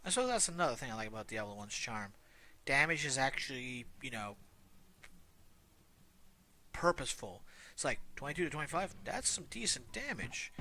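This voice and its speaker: A man's voice: medium pitch, lively intonation, normal speed, long pauses, bright, forceful tone. A man in his thirties chatting casually as he streams a game, rambling and making self-mocking asides. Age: 30s. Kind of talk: casual gameplay commentary. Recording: game music playing behind.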